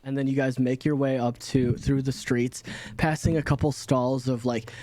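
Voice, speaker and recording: A man's voice: mid-range voice, little pitch movement, normal speed, dark tone. Rambling man running a tabletop game. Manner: rambling, many fillers and restarts. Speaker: game master.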